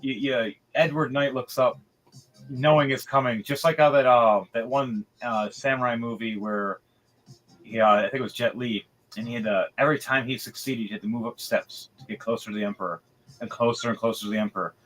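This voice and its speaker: A man narrating as dungeon master of a tabletop game, animated, rambling and profane. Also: mid-range voice, a little fast, slight background noise.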